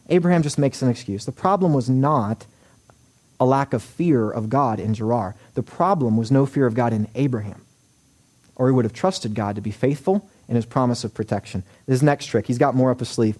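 A man preaching a sermon as pastor, animated, acting out quoted voices with wry humor. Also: medium pitch, moderate pace.

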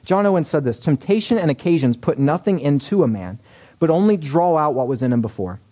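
A man preaching a sermon as pastor, animated, acting out quoted voices with wry humor. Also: fairly high pitch, fairly quick.

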